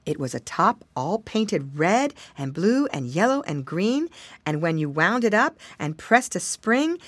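Expressive woman reading a children's story. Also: medium pitch, no room sound. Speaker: audiobook reader. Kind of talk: storybook narration.

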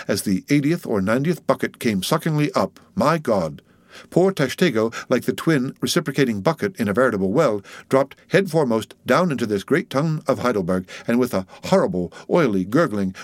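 Male audiobook narrator, measured and dramatic delivery, dry close recording. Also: mid-range voice, dry recording. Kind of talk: audiobook narration of a classic novel.

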